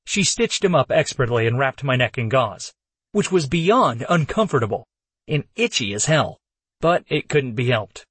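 Husky male narrator, casual first-person fantasy read, dry sound. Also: medium pitch, sing-song, normal speed, fairly bright tone, dry recording. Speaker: audiobook narrator.

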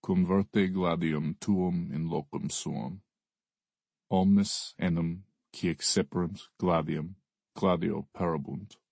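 A narrator puts on a grieving Russian priest with a low, husky voice and a Russian accent. He speaks slowly and formally, measuring every word, in a dry, close recording. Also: fairly even intonation, darkish tone, no room sound, heavily acted. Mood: somber. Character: somber cordial Russian priest, dead man's brother.

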